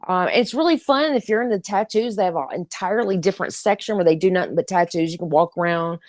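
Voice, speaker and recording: A woman's voice: fairly low pitch, quick pace, darkish tone, no room sound. A woman, co-hosting a casual podcast in a chatty, upbeat way with frequent ums. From Nashville, Tennessee. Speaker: podcast co-host. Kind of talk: casual chat.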